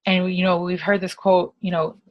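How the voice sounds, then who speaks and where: A woman in her thirties from New York, hosting a casual team call and telling stories in a brash, profane, animated way. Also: on the low side, moderate pace, muffled recording.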